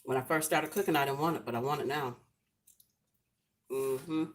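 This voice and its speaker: A woman's voice: very deep voice, normal speed, a little hiss or hum. A middle-aged woman hosting a casual home cooking livestream, chatting affectionately with viewers in the comments. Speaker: cooking channel host. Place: home, lit by a ring light.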